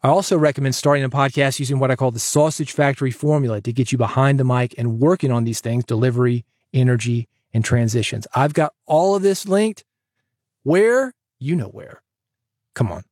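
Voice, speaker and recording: A man hosting a podcast, giving advice in an energetic, chatty way that jokes with the listener. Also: medium pitch, fast talker, few pauses, no room sound, clean studio sound. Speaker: podcast host and coach.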